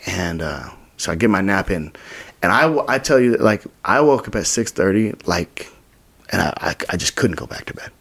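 Young man, gravelly and husky, low voice, animated storytelling, whispered and squeaky quotes. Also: moderate pace. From Utah. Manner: animated, acts out quotes with whispers and sudden high bursts. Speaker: podcast guest. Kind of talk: storytelling in casual interview.

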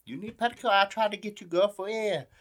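A man putting on a high, mocking, sing-song voice of a man speaking broken English. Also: fairly quick, a bit bright. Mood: teasing.

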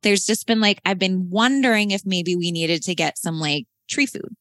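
A woman's voice: on the low side, moderate pace, a bit bright, no echo. A woman host rambling through a long story in casual chat, full of fillers and laughter.

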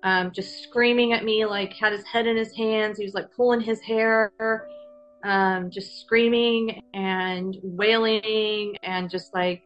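Halting woman telling a personal story. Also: mid-range voice, steady tone, dull audio, faint music behind. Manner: halting, many fillers and restarts. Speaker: guest.

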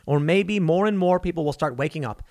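A man's voice: fairly high pitch, fairly quick, a little mellow. A man delivering an online political commentary monologue in a blunt, sarcastic, scornful way.

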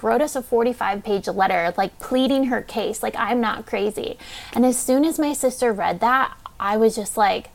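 A young woman with a fairly high voice talks candidly as a podcast host. Her delivery is casual and unpolished, full of "like" and the odd swear word. She speaks with open, heartfelt emotion throughout. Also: creaky, a little mellow. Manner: casual, heavy use of "like", frequent swearing. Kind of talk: personal storytelling.

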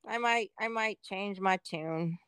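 A woman's voice: medium pitch, slow, a bit bright, smooth, dry recording. A woman co-hosting a podcast in casual chat, reacting in a laid-back way with lots of laughter. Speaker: podcast co-host.

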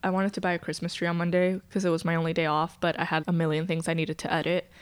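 A young woman co-hosting a podcast, telling stories in an animated, self-mocking way. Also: on the low side, fast talker, smooth, dry recording. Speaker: podcast co-host. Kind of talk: casual chat.

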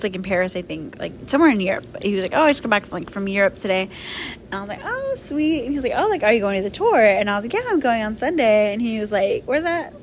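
A woman's voice: on the high side, a little hiss or hum. A young woman casually telling a personal story to her viewers, chatty and full of fillers. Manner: chatty, filler-heavy, animated retelling. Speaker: vlogger.

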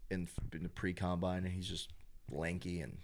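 Young guy with a really low voice, chatting sports, lots of likes and um, gets worked up doing impressions. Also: normal speed, slight background noise. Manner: rambling, heavy use of filler words; animated when acting out announcers and fans. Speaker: sports fan. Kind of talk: casual chat.

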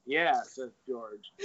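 A man's voice: a little high, fairly bright tone, slightly rough. A man in casual chat, retelling an essay and reading quoted passages aloud. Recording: dull lo-fi recording.

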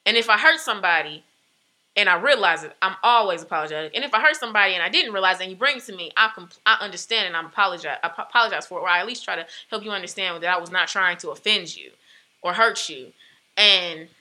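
A young woman talks casually with an emphatic, animated delivery. Her voice has a very bright, sharp edge at a middling pitch. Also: fast. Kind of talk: casual chat.

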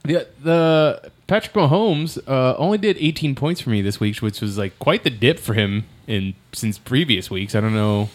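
A man hosting a casual sports podcast, laughing often and pausing with fillers. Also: medium pitch, expressive. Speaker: podcast host.

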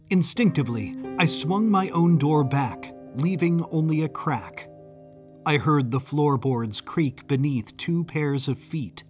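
A man giving scripted first-person narration of a suspense story in a measured, suspenseful manner. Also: on the high side.

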